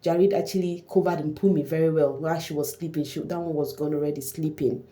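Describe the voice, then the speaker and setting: Chatty woman, low mellow voice. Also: a little fast. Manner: chatty, animated, exclaiming. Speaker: vlogger recapping a reality show. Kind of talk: casual gossip commentary.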